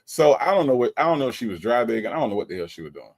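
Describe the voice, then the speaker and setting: A man's voice: mid-range voice, sing-song, racing, darkish tone. A man hosting a casual livestream, reading chat comments aloud and joking, often stumbling and repeating himself.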